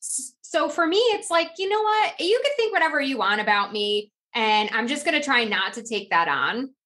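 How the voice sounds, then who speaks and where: A middle-aged woman from New Jersey, a guest on a podcast, chatting casually and acting out quoted dialogue with lively jumps in pitch. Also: normal speed. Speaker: podcast guest, author and life coach. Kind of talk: casual conversational interview.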